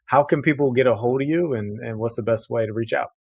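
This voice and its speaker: A man's voice: mid-range voice, quick pace, gravelly, slightly rough, dry recording. A man hosting an interview podcast, easygoing and affirming, calling his guest "man" and "dude". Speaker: podcast host. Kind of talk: casual interview talk.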